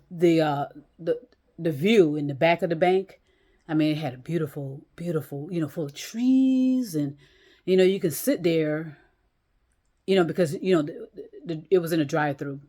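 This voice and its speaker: A woman with a slightly low voice talks casually to her viewers from a chair at home. She rambles through many restarts and fillers. She swears bluntly as she talks. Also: darkish tone. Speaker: vlogger. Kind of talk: casual monologue to camera. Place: small room at home, in a chair.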